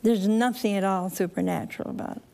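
A woman's voice: mid-range voice, fast talker, gravelly, mellow. A woman preaching a storytelling sermon to a live audience, chatty and folksy, laughing at her own asides and acting out the characters.

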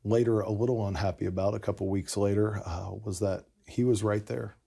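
A man's voice: lowish voice, steady tone, fairly quick, gravelly, dark tone, breathy edge. A man in casual conversation, earnestly telling a personal story with lots of "you know" asides. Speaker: podcast guest telling his conversion story.

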